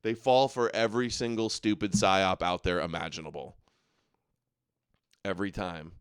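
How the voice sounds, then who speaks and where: A man's voice: low voice, fairly even intonation, moderate pace, clear, resonant tone, no room sound, clean studio sound. A man hosting a livestream, reacting to clips with sarcastic, exasperated commentary. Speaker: livestream host.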